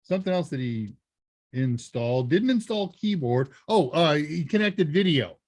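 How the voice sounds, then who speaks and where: A man hosting a live Q&A stream, chatting casually and joking as he reads messages and thinks out loud. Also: fairly high pitch, animated, moderate pace, no echo. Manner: chatty, jokey, thinks aloud. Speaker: live Q&A host.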